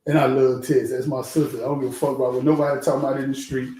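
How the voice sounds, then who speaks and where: Animated man talking in an echoey room. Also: mid-range voice, very fast. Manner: animated storytelling, repeats words, heavy cursing. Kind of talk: casual street talk.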